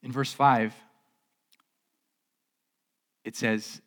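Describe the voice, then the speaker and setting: A man's voice: medium pitch, steady tone, a little slow. Conversational male pastor preaching a sermon. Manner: conversational preaching with repeated words and rhetorical questions. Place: church stage.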